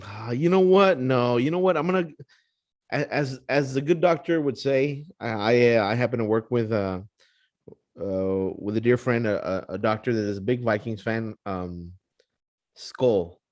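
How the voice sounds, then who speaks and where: A man's voice: medium pitch, moderate pace, darkish tone, dry recording. A man co-hosting a casual betting podcast, hesitant and second-guessing himself, often stumbling over his words. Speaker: podcast co-host. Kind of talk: casual sports betting chat.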